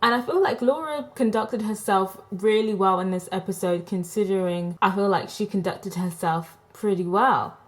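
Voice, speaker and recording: A woman's voice: medium pitch, normal speed, hardly any pauses. A woman giving casual, opinionated commentary as a vlogger reviewing a TV show, frank and sarcastic in a gossipy way, recorded on a desktop microphone. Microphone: desktop USB microphone.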